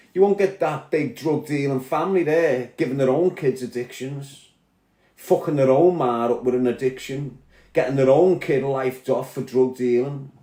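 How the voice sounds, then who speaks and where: A man's voice: on the high side, dark tone, reverberant. A man with a Scouse accent, ranting aggressively and swearing as he answers commenters on a live stream. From Liverpool.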